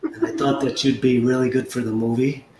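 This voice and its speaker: Laconic, tough movie-star voice with a low drawl, echoey room, a man doing the impression. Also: steady tone, a little fast, a little mellow, a little hiss or hum, natural voice. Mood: smooth.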